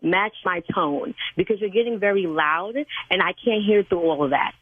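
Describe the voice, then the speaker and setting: A woman's voice: medium pitch, a little fast, dry recording. An older woman who interprets sign language at church, talking on a phone call in a stern, preachy manner that turns to cursing. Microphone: telephone. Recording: tinny phone line, dry.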